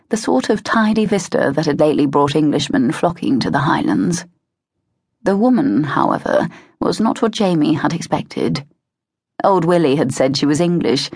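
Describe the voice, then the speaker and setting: A woman narrating an audiobook in a measured, expressive way, close to a studio mic. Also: low voice, vocal fry, husky, no echo. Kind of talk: scripted narration of a historical romance.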